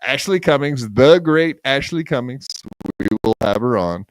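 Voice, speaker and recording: A man's voice: mid-range voice, lively intonation, normal speed, dry recording. A man hosting a podcast, trading sarcastic, profane jabs with his co-host in casual banter.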